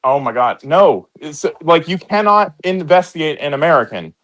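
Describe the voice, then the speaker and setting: A man's voice: on the high side, expressive, normal speed, a bit bright, rough recording. A man co-hosting a heated political debate, combative and profane, often talking over the others. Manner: combative, swears a lot, talks over others. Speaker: podcast co-host.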